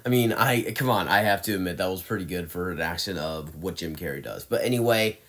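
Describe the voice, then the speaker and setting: A man with a somewhat low voice talks through his movie rankings off the cuff. He rants with exasperation, trips over his words and restarts his sentences as he goes. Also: fairly quick, a bit bright. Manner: ranting and exasperated, with frequent restarts and fillers. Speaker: movie reviewer. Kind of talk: opinionated movie ranking monologue.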